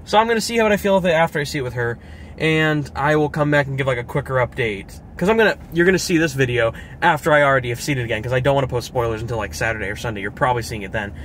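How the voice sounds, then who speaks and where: A young man reviewing a film in casual chat from his car, excitable and swearing as he acts out scenes. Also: mid-range voice, very fast, a little hiss or hum. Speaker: movie reviewer. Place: parked car.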